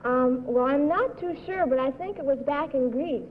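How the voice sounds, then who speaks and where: A woman's voice: sits high, normal speed, slight background noise. A woman answering questions as a game show contestant, brief, polite and a bit unsure. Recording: tinny 1950s TV broadcast with hall reverb.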